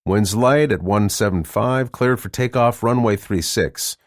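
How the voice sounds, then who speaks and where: Matter-of-fact tower controller, formal radio cadence , read by a deep male narrator, dry close sound. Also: measured pace, no room sound, natural voice. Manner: formal, clipped radio phrasing. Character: routine air traffic controller on radio. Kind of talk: audiobook character reading.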